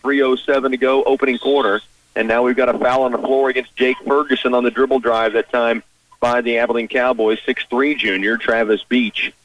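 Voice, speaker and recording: A male radio announcer does play-by-play for a high school basketball game from the gym's broadcast spot, his quick, clipped calls climbing whenever a big shot drops. His mid-register voice keeps a level tone and sounds a little distant from the mic. The recording is muffled, without echo.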